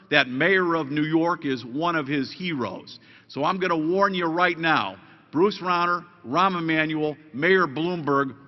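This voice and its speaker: A man, a state legislator, giving a combative political rally speech that lays out warnings against opponents. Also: fairly high pitch. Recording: dull lo-fi sound with long reverb.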